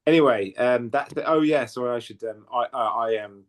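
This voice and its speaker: A man's voice: medium pitch, fairly quick. A man co-hosting a podcast, ranting and swearing in casual chat, often stumbling and repeating words. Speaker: podcast co-host.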